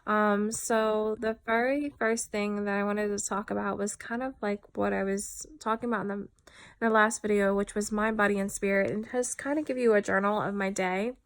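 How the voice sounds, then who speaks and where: A woman's voice: mid-range voice, fairly even intonation, normal speed. A tired woman talking candidly in a personal vlog, reflective and full of fillers. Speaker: vlogger.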